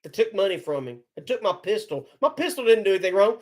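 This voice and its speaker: A man's voice: high-pitched, very animated, quick pace, hardly any pauses. A man hosting a live stream, ranting angrily and swearing, often repeating and restarting his words. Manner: heated, profane, repeats himself. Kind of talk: angry live-stream rant.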